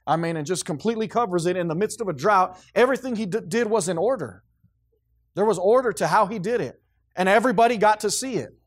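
A man's voice: high voice, lively intonation, fast talker. A man preaching a sermon in a church, emphatic, with frequent restarts. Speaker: pastor.

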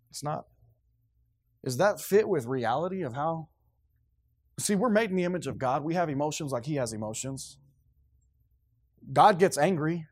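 A male pastor preaching a sermon, switching between quiet asides and loud, emphatic passages. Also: a little high, moderate pace, long pauses, no room sound, studio quality.

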